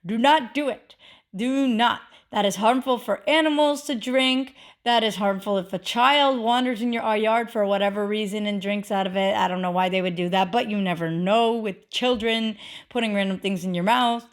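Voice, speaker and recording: A woman's voice: medium pitch, normal speed. Chatty woman hosting a vlog. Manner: chatty, with frequent fillers and emphatic repetition. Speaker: witchcraft video host. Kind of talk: casual instructional vlog.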